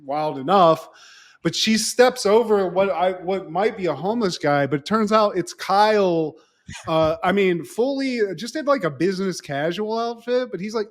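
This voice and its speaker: High voiced dude cohosting a podcast, swears a ton, tells the story fast and animated. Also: male voice. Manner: animated, profane, quick storyteller. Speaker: podcast co-host. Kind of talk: casual podcast chat recapping a show.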